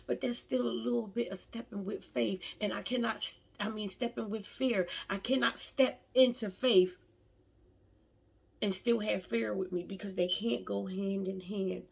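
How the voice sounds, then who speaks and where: Woman vlogger, heartfelt and halting, gravelly husky voice. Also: medium pitch, fairly even intonation. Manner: emotional, heartfelt, stammering restarts. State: tearful at times. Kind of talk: personal faith vlog.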